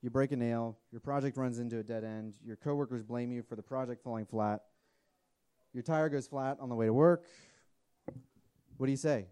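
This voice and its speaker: Guy in his 30s preaching, mellow warm tone, talky and earnest, keeps saying okay. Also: mid-range voice, moderate pace, pauses often, smooth. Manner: earnest, conversational, often restarts and asks "okay?". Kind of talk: sermon.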